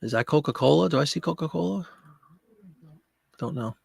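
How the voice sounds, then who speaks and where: A man's voice: on the high side, animated, normal speed, vocal fry, long pauses, slightly rough. A man hosting a casual live-stream from home, chatting to viewers and cooing at his pet, into a desk microphone. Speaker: online seller hosting a live listing show.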